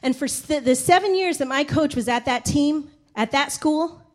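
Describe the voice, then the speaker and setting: A woman preaching a sermon, telling a personal story in a lively voice, laughing often and acting out the people she describes. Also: high voice, normal speed. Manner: animated, laughing, acts out the people in her stories.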